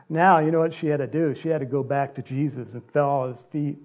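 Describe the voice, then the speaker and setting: A man preaching a sermon, retelling a gospel story with animated storytelling and acted-out lines. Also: fairly high pitch, a little fast, dull audio. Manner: animated storytelling, acts out quotes, laughs often.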